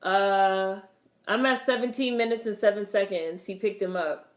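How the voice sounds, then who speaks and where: A woman's voice: medium pitch, moderate pace. A young woman giving casual watch-along commentary on a film, chatting with wry asides and talking back to the screen. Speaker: vlogger reacting to a film. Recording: roomy echo.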